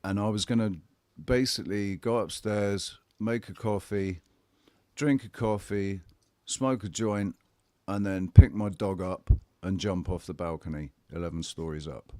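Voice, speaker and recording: A man's voice: low voice, fairly even intonation, darkish tone, no room sound. A man telling a personal story in casual chat, blunt and candid, swearing and often restarting his sentences. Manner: halting, with frequent restarts.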